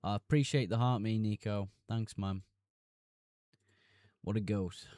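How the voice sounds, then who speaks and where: A man's voice: on the low side, steady tone, unhurried, a little mellow, no room sound, studio quality. A young man streaming live, reading chat messages aloud and answering them casually.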